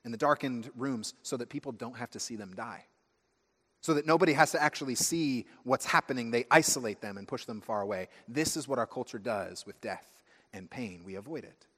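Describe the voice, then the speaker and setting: A man preaching a sermon as pastor, telling stories with lively, acted-out asides. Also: mid-range voice, brisk, husky. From United States. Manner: animated storytelling, acting out friends' voices. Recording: long hall reverb.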